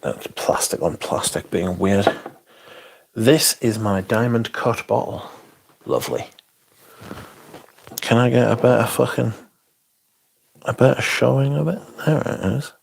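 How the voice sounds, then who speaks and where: A man's voice: mid-range voice, measured pace, gravelly, long pauses, slightly rough. A man hosting a casual livestream, sweary and sardonic, reading chat aloud as he talks. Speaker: livestream host.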